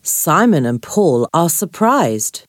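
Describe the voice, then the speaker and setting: A woman reads a simple storybook aloud in a slow, clear way. Her voice sits low yet moves expressively. The recording is dry and close. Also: very animated, no echo. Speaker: narrator. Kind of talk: scripted graded-reader narration.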